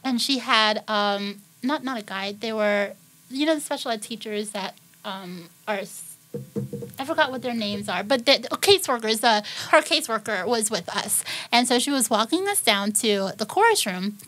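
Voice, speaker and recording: Brief: woman guest, lively storyteller, a bit high-pitched, earnest about her faith, podcast interview. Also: moderate pace, rough recording. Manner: animated, acts out the people in her story. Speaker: guest singer. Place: recording studio.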